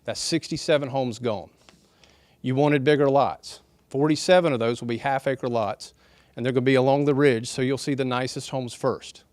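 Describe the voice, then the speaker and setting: A middle-aged man, speaking earnestly and softly to residents at a town meeting. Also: medium pitch, moderate pace, dry recording. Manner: soft-spoken, earnest, folksy. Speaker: developer's representative at a town hall. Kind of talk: public speech at a town meeting.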